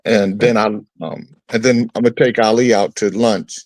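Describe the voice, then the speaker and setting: A man's voice: fairly low pitch, fairly even intonation, normal speed, darkish tone, dry recording, rough recording. A man hosting a morning talk show, explaining his business trip at length in casual chat with many fillers. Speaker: show host calling in. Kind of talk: casual radio chat by phone. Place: on a phone line, away from the studio. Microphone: phone.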